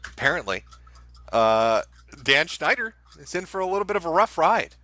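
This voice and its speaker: Man, commentary host, sarcastic and profane, swooping animated pitch, bright edgy tone, dry close sound. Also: normal speed, no room sound. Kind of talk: casual commentary on social media posts.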